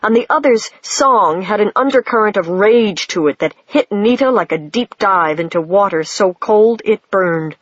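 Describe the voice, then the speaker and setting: An audiobook reader narrating a story in a measured, plain way. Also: mid-range voice, expressive, a bit bright, no room sound, highs cut off. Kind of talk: scripted narration.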